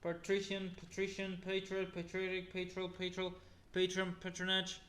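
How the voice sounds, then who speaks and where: Reading word after word from a long list, this male YouTuber speaks at a moderate pace in a high, monotone, slightly bright voice. He frequently trips up, starts over and repeats himself, clearly tired from the length of it.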